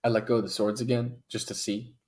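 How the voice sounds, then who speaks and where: A man's voice: fairly low pitch, flat delivery, quick pace, darkish tone. Hesitant male tabletop player. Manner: hesitant, thinking aloud with fillers. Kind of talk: playing a tabletop game.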